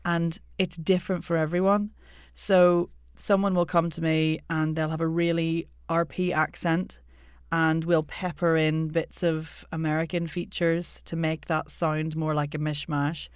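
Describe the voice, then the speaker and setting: A woman who works as a coach, explaining things in a clear, teacherly way as a podcast guest. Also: low voice, flat delivery, unhurried, no echo, clean studio sound. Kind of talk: casual interview chat.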